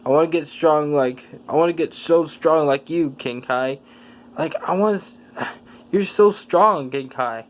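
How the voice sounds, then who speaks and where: A man's voice: fairly high pitch, a little slow, natural voice. A man plays an eager young male fighter in a fan-told story. He stumbles over his words as he speaks.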